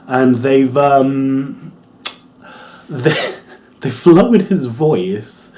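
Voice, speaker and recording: A young man with an English accent talks through a wrestling show in a loose, rambling way. His voice sits at an ordinary middle pitch, and he laughs and swears casually as he goes. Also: drawn-out words, long pauses, warm tone, a little hiss or hum. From England. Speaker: wrestling reviewer. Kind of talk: casual video review.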